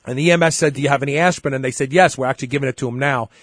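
A middle-aged man hosting a show relates a story casually, bringing the dialogue to life as an animated storyteller. His mid-range voice moves very fast, and the studio-quality recording has no echo.

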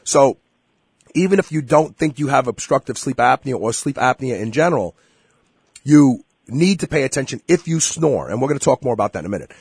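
A man's voice: medium pitch, lively intonation, brisk, a little mellow, breathy edge, dry recording, studio quality. A man hosting a radio health interview, talking emphatically and speaking straight to his listeners. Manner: emphatic, direct address to listeners. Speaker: radio show host.

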